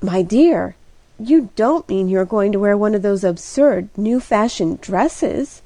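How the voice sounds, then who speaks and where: A woman voicing a calm, patient older sister in an audiobook reading, speaking in a quiet, measured, slightly anxious way. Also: medium pitch, dry recording. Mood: gentle.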